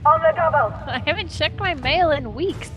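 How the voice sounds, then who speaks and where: A woman's voice: high voice, expressive, normal speed, a bit bright, soft background music. A woman chatting casually while playing a game with friends, laughing often, blunt and swearing. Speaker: game streamer. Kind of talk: casual gaming chat.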